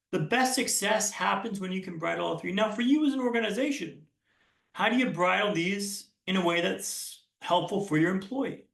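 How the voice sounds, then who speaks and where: A young man delivers a motivational keynote in a large hall, telling his story earnestly with frequent restarts. His voice sits high with a gravelly edge. The sound is roomy and picked up from some distance away. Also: a bit bright. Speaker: keynote speaker.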